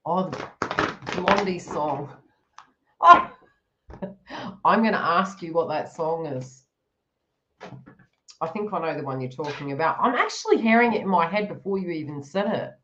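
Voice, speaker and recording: A woman reads tarot on a live stream with a very animated, swooping voice. She chats and giggles, slipping into quoted inner thoughts of the people she reads for. The audio is a bit dull and lo-fi. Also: lowish voice, moderate pace, long pauses, slight background noise. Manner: chatty, giggly, acts out the listener's inner thoughts. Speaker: tarot reader. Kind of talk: live-stream psychic reading.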